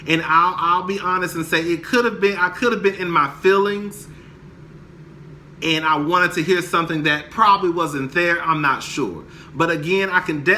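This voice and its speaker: A man's voice: fairly high pitch, pushed and bright, slight background noise. A young man angrily ranting about a reality TV show, heated, profane and emphatic. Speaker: commentator. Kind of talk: angry reality TV rant to camera.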